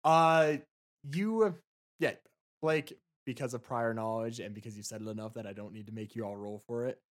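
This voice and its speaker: A man narrating as game master in a casual tabletop game, halting with many fillers. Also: medium pitch.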